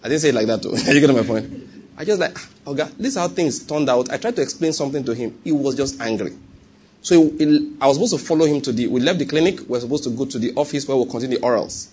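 A man's voice: mid-range voice, fast, darkish tone, slight background noise. A man with a Nigerian accent preaching a sermon and telling a personal story, often checking whether the congregation follows him. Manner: conversational, asks the congregation if they follow.

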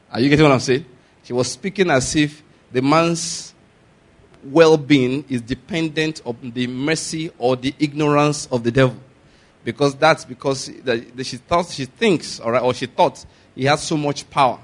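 A man's voice: medium pitch, moderate pace. A Nigerian man preaching, who talks in a loose, conversational way with restarts and asides. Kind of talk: sermon.

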